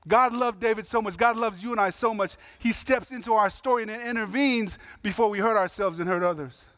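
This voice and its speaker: A man's voice: high-pitched, brisk, a bit bright, no room sound, studio quality. A man preaching a sermon in a conversational, emphatic way, with slangy asides and voiced quotes. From Samoan heritage. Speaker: pastor.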